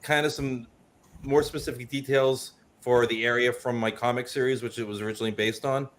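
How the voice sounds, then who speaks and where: A man's voice: medium pitch, fairly even intonation, fairly quick, fairly bright tone, slight background noise. Hoestende man die zijn spel uitlegt. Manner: talkative, explaining, frequent restarts. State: coughing, slightly choked up. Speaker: tabletop game creator and comic author. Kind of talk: casual convention panel chat.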